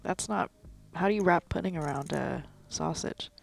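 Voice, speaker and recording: A woman's voice: sits low, moderate pace, vocal fry. A woman commentating a live poker stream in a chatty, casual way, laughing easily with her co-host.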